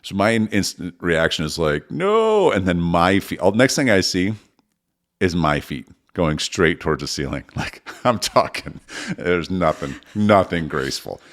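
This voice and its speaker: A man's voice: sits low, normal speed, fairly bright tone. A middle-aged man co-hosting a podcast, telling a funny family story in casual chat, laughing often as he talks. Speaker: podcast co-host.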